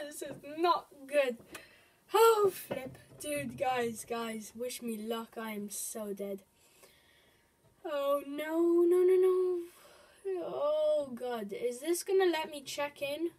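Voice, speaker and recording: A woman hosting a casual gaming video at home, nervous and excitable, swinging from loud outbursts to hushed mutters. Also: high voice, slow pace, slight background noise.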